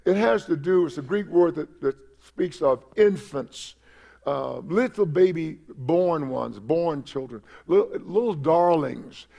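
Older man, pastor, church sermon, high-pitched, gravelly, repeats and restarts phrases, emphatic. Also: lively intonation, unhurried, warm tone. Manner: repeats and restarts words, building to emphatic exhortation. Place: church service.

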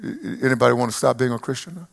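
An older male pastor in his seventies preaches to a live congregation. His voice is gravelly and mid-pitched, swelling into loud emphatic lines and falling back to quiet, personal asides. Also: rapid-fire. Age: 70s. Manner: rises to loud emphatic peaks, drops to soft reflective asides. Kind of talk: sermon. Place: church service before a live congregation.

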